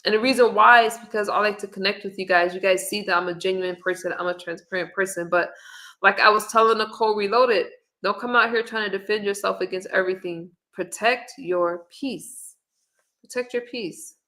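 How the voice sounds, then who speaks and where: Bright-voiced middle-aged woman chatting on a livestream. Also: medium pitch, fast. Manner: chatty and relaxed, reading viewer comments and recipes aloud. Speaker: livestream host. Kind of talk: casual live-stream chat. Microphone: webcam or phone on camera.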